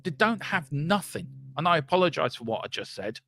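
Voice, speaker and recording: A man's voice: fairly high pitch, sing-song, brisk, gravelly, bright, forceful tone, no room sound, studio quality. A man, hosting a live fan stream and ranting angrily, swearing and repeating himself. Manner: angry, sweary, repetitive ranting. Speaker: fan channel host.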